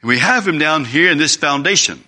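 A man's voice: on the high side, expressive, fairly quick, pushed and bright. A man preaching a sermon in an earnest, emphatic way, reading scripture aloud.

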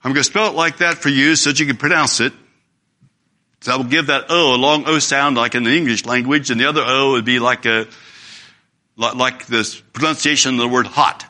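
A man's voice: medium pitch, fairly even intonation, a little fast, pushed and bright. A man preaching a sermon in an earnest, emphatic way, reading scripture aloud.

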